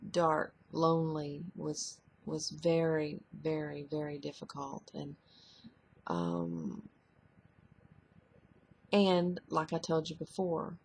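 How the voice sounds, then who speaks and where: A middle-aged woman sharing a personal testimony to camera, halting and soft-spoken, often trailing off. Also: sits low, vocal fry, slight background noise.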